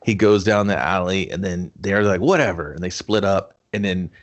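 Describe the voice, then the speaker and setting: A man's voice: low-pitched, fairly even intonation, normal speed. A man co-hosting a casual movie recap podcast, retelling scenes with swearing and acted-out lines. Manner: profane, storytelling, acts out lines in jumpy voices. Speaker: podcast co-host.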